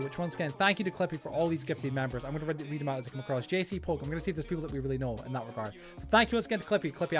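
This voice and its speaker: A man chats live with his viewers while building in a game. He talks fast in a high voice, restarting sentences and excitedly greeting and thanking people. Soft music plays faintly behind him. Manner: rambling with frequent restarts. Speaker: streamer. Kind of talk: casual live-stream chat while gaming.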